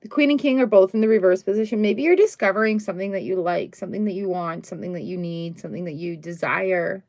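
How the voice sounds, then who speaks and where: This middle-aged woman has a medium-pitched, slightly mellow voice and talks quickly. During a casual tarot reading on a live stream, she chats cheerfully, with frequent exclamations and brief sung bits.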